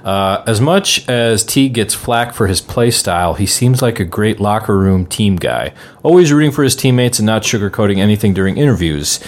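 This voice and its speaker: Low male voice, relaxed co-host reading mailbag questions. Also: moderate pace. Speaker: podcast co-host reading listener mail. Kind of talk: casual sports podcast chat.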